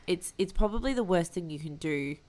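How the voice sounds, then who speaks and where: A woman's voice: fairly low pitch, a little fast. A woman chatting casually as a podcast co-host, telling stories animatedly with lots of fillers. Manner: animated storytelling with many fillers. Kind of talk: casual chat.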